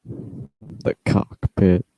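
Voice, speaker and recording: A man's voice: drawn-out words, mellow, no echo, muffled recording. A young man rambling to himself as he edits his podcast, humming and trailing off in a self-deprecating way. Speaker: podcaster editing his show. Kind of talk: casual mumbled self-talk.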